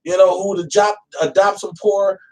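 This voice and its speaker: A man hosting a casual talk show, animated and profane, often slipping into voices to make a point. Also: sits high, normal speed. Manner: animated, profane, acts out voices mid-rant. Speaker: podcast host. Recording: voice a bit distant from the mic.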